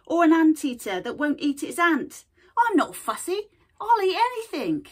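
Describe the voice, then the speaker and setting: A woman's voice: sing-song, normal speed. A woman voicing a pushy, talkative male rat who runs a pet shop, reading a storybook aloud for children. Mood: cheeky. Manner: loud, squeaky and sales-pitchy.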